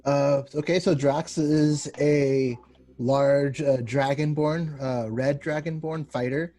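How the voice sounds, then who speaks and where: A man playing a tabletop game over a video call, slowly describing his character with many uhs. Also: a little high, steady tone, warm tone. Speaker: player.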